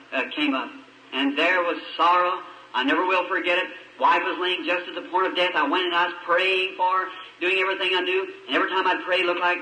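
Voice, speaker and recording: Bright, high-pitched older-era preacher; storytelling sermon, recorded far off in a roomy hall. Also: male voice. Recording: echoey old radio-style recording from a distance.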